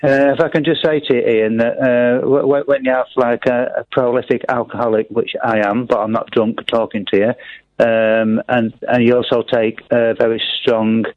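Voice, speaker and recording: A man's voice: mid-range voice, level tone, no echo. Guy calling a radio show, stumbles a lot, mid-range voice, dull phone sound. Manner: halting, many fillers and restarts, earnest. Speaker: phone-in caller. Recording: muffled phone line.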